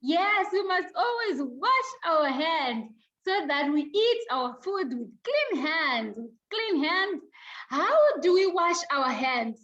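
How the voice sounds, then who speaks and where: A woman teacher giving an online class over a video call, slowly repeating each point for young pupils. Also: very high-pitched, very animated, a bit bright, lo-fi sound.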